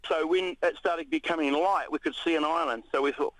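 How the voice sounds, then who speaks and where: A New Zealand man, a radio interview guest, recounting an ordeal in a halting way with many restarts. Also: fairly high pitch, dry recording, low-quality recording. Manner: halting, many restarts, animated when retelling shouts.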